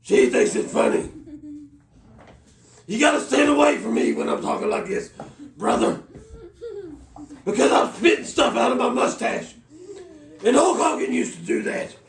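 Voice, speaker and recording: A man putting on a loud, pumped-up wrestler impression, shouting catchphrases and calling everyone brother, in a roomy off-mic recording. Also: extremely high pitch, lively intonation, normal speed, creaky, long pauses, far from the mic, voice pushed up, full character voice.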